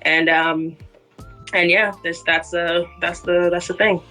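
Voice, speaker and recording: A woman co-hosting a late-night podcast chats loosely, rambling and giggling. Her voice sounds bright and forward. Faint music plays underneath. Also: on the low side, flat delivery, unhurried. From Boston. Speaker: podcast co-host. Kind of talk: casual chat.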